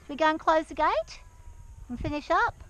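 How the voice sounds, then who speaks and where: A woman talking softly and calmly to her horse as she rides it outdoors around a farm yard, with an action camera worn while riding. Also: sits high, normal speed, rough recording. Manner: soft, soothing coaxing of a horse. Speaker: horse rider and farm owner. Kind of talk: riding vlog narration.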